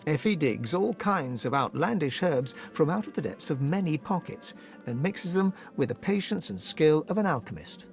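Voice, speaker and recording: A man's voice: a little high, big pitch swings, normal speed, creaky, faint music behind. A man giving wry, storybook-style narration for a video game.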